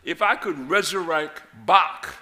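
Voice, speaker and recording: A man preaching a sermon, swinging between loud, emphatic shouts and quiet, low asides. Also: unhurried. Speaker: pastor.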